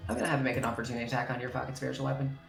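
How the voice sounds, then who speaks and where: A woman's voice: very deep voice, little pitch movement, rapid-fire, gravelly. Woman game master, casual, swears freely, roomy echo, faint music behind. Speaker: dungeon master. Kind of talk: narrating a tabletop game.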